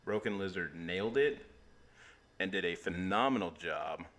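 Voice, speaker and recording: Low, bright-toned man co-hosting a loose comedy movie podcast, upbeat and repetitive. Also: lively intonation, normal speed. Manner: enthusiastic, repeats words while searching for them. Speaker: podcast co-host. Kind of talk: casual comedy movie chat.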